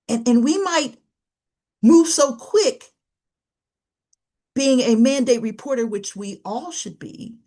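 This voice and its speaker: Lively woman leading a webinar training. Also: lowish voice, husky. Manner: lively, acts out dialogue examples, laughs often. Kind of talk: online training presentation. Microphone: webinar computer mic.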